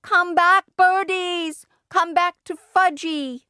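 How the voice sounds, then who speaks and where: A woman voicing an excitable toddler boy in a high, squealing, babyish voice for a storybook reading. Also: drawn-out words, dry recording, studio quality. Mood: gleeful squealing.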